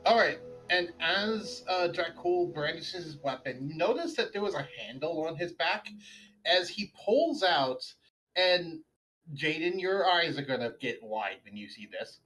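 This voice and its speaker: A man running a tabletop game over voice chat, chatty and quick to laugh. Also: fairly high pitch, expressive, bright, forceful tone, soft background music, low-quality recording. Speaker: game master.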